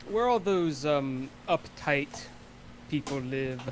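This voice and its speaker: Polite guy roleplaying his character, lots of ums, clear noise behind him. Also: medium pitch. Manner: courteous, measured, hesitant with fillers. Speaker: player. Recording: background noise.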